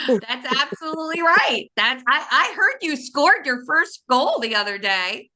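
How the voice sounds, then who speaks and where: Host: bright, animated woman coach, encouraging, on a video call. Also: high-pitched, measured pace. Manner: encouraging, upbeat, calls on people by name. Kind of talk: casual group video call.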